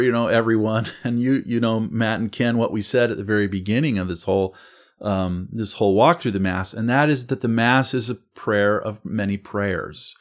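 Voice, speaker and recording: A man hosting a podcast discussion, walking listeners through the liturgy in a measured, explanatory way. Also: fairly low pitch. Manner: measured, explanatory, slows down to stress points. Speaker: host. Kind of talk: guided walk through the liturgy.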